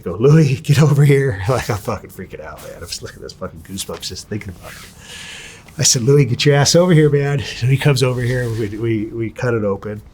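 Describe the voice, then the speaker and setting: A man with a fairly low voice recounts his past in an interview. He swears freely and acts out the lines of the people in his story, in a candid, animated telling. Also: breathy edge. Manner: profane, animated, acts out quotes.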